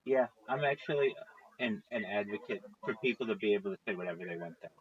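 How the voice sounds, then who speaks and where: Here a fairly low-pitched man speaks fast, spinning a rambling tale on a casual livestream. He swears freely and performs other people's lines in vivid voices, over dull, lo-fi stream audio.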